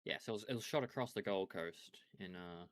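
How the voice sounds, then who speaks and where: A man's voice: on the low side, fairly quick, no room sound. A man co-hosting a game stream, chatting casually and explaining things with small restarts. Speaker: streamer co-host. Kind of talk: casual chat while gaming.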